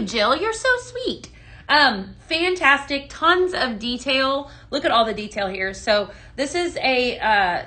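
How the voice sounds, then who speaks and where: A woman's voice: fairly high pitch, pushed and bright. A woman hosting a live-stream product demo, chatting and greeting viewers by name. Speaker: live shopping host.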